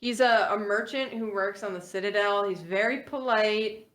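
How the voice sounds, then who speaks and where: A woman's voice: medium pitch, normal speed, a bit bright. A woman co-hosting a charity game stream, chatting in an upbeat way and describing a character. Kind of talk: casual chat.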